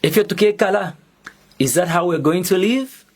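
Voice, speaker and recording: Speaking as an activist, a young Zambian man delivers a prepared public statement in his Zambian accent. His pitch sits high, and he is slow, deliberate and defiant.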